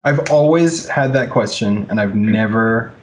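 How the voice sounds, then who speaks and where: A man's voice: on the low side, measured pace. A man co-hosting a casual podcast about tabletop game rules, talking to listeners with many hesitations and fillers. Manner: hesitant, filler-heavy, agreeable. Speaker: podcast co-host.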